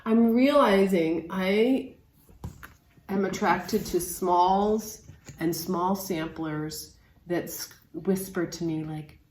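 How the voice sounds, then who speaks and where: A woman's voice: lowish voice, slow, darkish tone, reverberant, a little hiss or hum. A woman co-hosting a crafting vlog, chatting casually with her sister in a musing way, often trailing off and restarting. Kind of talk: casual chat between sisters.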